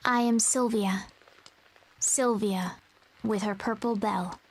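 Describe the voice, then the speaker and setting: A woman voicing a lonely young girl who narrates her past in a soft, brooding whispered role-play for a video game. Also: mid-range voice, fairly even intonation, takes it slowly, poor audio. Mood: hushed, somber. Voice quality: breathy, often whispered.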